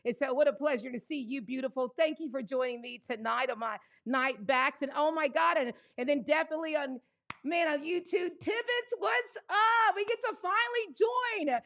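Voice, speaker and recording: A woman hosting a live stream, exuberantly greeting viewers by name with whoops, laughs and shouted shout-outs. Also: sits high, moderate pace, creaky. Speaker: livestream host.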